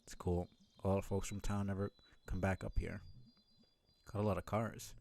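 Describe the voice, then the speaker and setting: A man doing a deep, laid-back young animal townie. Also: little pitch movement, normal speed, gravelly, a little mellow. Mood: easygoing.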